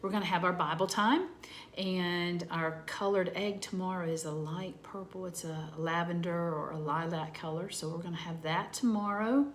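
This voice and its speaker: Lady teacher, soft and slow for little kids, bit of hiss behind. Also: lowish voice, steady tone. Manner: gentle, slow, talking to children. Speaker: preschool teacher. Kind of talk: lesson for young children.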